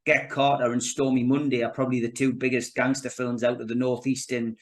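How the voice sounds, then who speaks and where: A man's voice: medium pitch, flat delivery, a little fast. A man with a Geordie accent chatting as a podcast guest, restarting often and calling the host "mate". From North East England. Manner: chatty, frequent restarts and 'you know, mate'. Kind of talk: casual chat.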